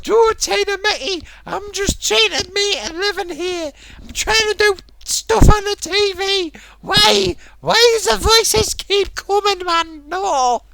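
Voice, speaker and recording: A man putting on an excitable male streamer who gushes cheerfully and then rants and shouts. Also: very high-pitched, unhurried, background noise, pitched above the performer's own voice. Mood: raging. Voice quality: squealing, shouting.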